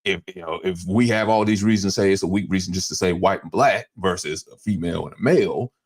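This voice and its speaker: A man in a casual podcast discussion who reasons thoughtfully, in a halting way, often restarting his sentences. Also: low-pitched, slightly rough. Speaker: podcast co-host.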